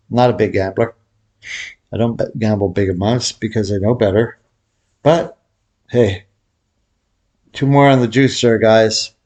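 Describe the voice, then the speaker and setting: A middle-aged man walks through a lesson in a loose, chatty way. His voice sits on the low side, and he drifts off topic, laughing at himself. Some words carry a faint whistle from a cracked tooth. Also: darkish tone. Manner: rambling, jokey, laughs at himself. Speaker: baccarat instructor. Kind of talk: casual tutorial commentary.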